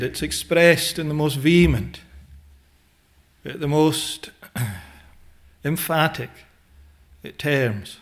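A man preaching a sermon in a slow, deliberate way, pausing often with "eh" and quoting old scriptural phrasing. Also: fairly high pitch.

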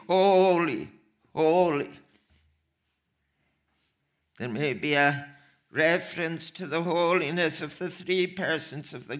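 A man preaching a sermon, slow and emphatic, repeating phrases for weight. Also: a little high, bright, forceful tone.

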